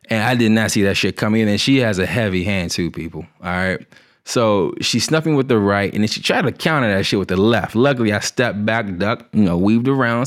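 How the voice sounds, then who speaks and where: A man casually telling a funny personal story, profane and animated with laughing asides. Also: on the low side.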